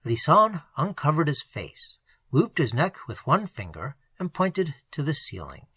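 A hoarse reader narrates an audiobook with expressive, dramatic delivery. The voice is husky yet bright and swings widely in pitch. The recording is dry and close to the mic. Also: measured pace, dry recording, low-quality recording.

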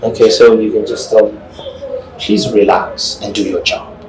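A man's voice: fairly low pitch, fairly even intonation, unhurried, echoey room, background noise, close to an everyday voice. An actor with a Nigerian accent playing a stern businessman who lectures his wife and new secretary. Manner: curt, lecturing and impatient. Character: stern businessman husband and company boss. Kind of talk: Nollywood film acting.

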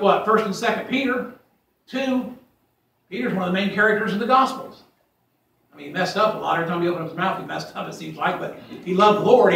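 A man's voice: high-pitched, gravelly, fairly bright tone, a little hiss or hum. A man from Ohio teaching an informal Bible study, rambling in a folksy way and reading scripture aloud with emphasis. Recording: echoey room, voice from far off.

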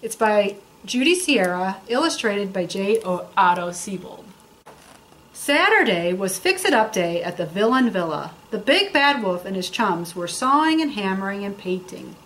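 A woman reading a picture book aloud to children in an expressive storytelling manner. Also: mid-range voice, moderate pace. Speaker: librarian.

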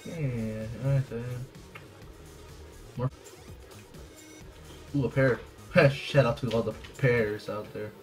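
A man giving casual, profane video game commentary, jumpy and quick to laugh at himself. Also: mid-range voice, steady tone, darkish tone, soft background music. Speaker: gameplay commentator.

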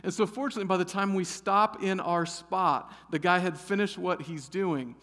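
A middle-aged pastor from Ohio telling a funny story in a sermon, animated and storytelling. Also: male voice, high-pitched, normal speed. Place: church sanctuary. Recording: long church hall reverb.

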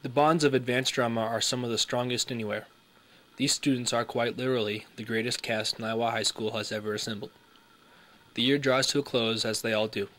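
A man's voice: mid-range voice, a bit bright. A man giving earnest scripted narration for a school documentary.

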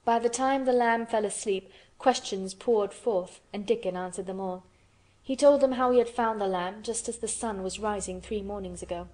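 A woman narrating an audiobook of a classic children's novel in a steady, measured reading. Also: medium pitch. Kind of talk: scripted narration.

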